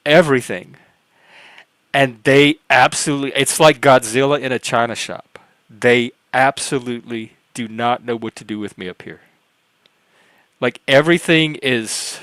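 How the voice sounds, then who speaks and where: A man's voice: medium pitch, a bit bright, no room sound. A man on a livestream panel telling a personal story in casual talk, earnest and rambling, with frequent restarts and self-corrections. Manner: earnest, acts out quoted dialogue.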